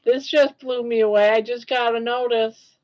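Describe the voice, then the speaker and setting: A woman's voice: a little high, fairly even intonation, moderate pace, a little mellow, highs cut off. An older woman hosting a casual livestream, talking in an awed, emotional way and repeating herself. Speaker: livestream host.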